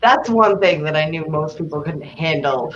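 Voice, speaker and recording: A woman's voice: low voice, a little slow, soft background music. A woman chatting casually on a livestream, telling stories with lots of laughter and acted-out quotes. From grew up on a horse farm. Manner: animated storyteller, laughs often, acts out quotes. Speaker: co-host. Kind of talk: casual chat. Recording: dull lo-fi sound with faint noise.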